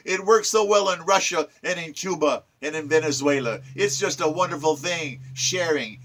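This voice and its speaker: A man's voice: fairly high pitch, moderate pace, hardly any pauses, sharp tone. A man reciting his own sonnets and following them with impassioned, preachy political commentary. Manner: ranting, preachy, emphatic.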